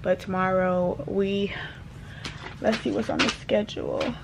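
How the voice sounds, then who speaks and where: A woman in her twenties chatting casually to the camera in a vlog, relaxed and full of fillers. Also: mid-range voice, measured pace, creaky. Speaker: vlogger. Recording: slightly dull sound with steady background noise.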